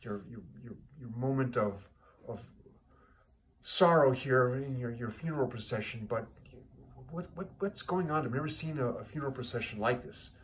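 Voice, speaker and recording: A man's voice: mid-range voice, moderate pace, a little hiss or hum, natural voice. A man playing a stammering, polite businessman. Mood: apologetic. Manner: apologetic, stammering. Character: polite, hesitant male businessman.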